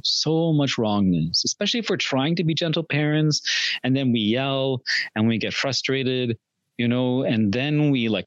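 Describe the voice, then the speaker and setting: A man's voice: medium pitch, no room sound, lo-fi sound. A middle-aged man talking as a podcast guest in a reflective, earnest way, often restarting his sentences and laughing at himself. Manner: earnest, warm self-talk with frequent restarts and laughs. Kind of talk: reflective conversational chat.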